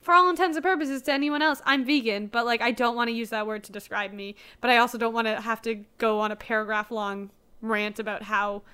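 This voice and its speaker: A young woman talks in a casual, animated chat and peppers her speech with "like." Her voice sits a little high and sounds smooth and clear. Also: brisk. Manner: animated, frequent "like", laughs often. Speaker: co-host.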